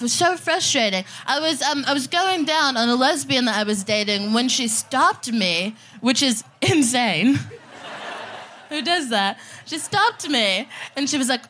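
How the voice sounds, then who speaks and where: A woman's voice: sits high, animated, a little slow, pushed and bright. A woman performing a crude, punchy stand-up set live on a festival stage, laughing through her jokes. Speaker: stand-up comedian, guest.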